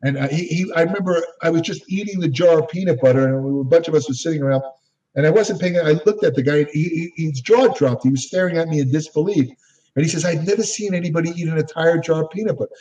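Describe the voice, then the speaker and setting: A man's voice: on the high side, quick pace, warm tone. An older man, an interview guest, telling rambling stories and correcting himself as he goes. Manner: rambling, self-correcting storyteller. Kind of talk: anecdotal storytelling. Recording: distant, dull lo-fi audio.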